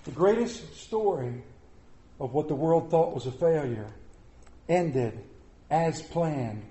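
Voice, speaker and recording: A man preaching a sermon in a church, earnest and emphatic, slowing down to stress his words. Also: a little high, animated, warm tone, reverberant. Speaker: pastor. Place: church sanctuary.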